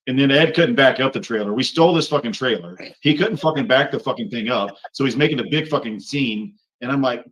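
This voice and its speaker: A man's voice: medium pitch, a little fast, hardly any pauses, rough recording. A man telling old army stories as a guest, swearing constantly. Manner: profane, animated storyteller. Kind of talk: casual storytelling.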